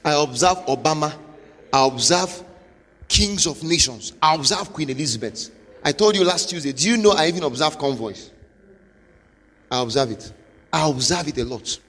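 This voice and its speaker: A man with a Nigerian accent, a pastor giving a motivational sermon with forceful, repetitive exhortation. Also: fairly high pitch, lively intonation, moderate pace, pauses often. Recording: long hall reverb.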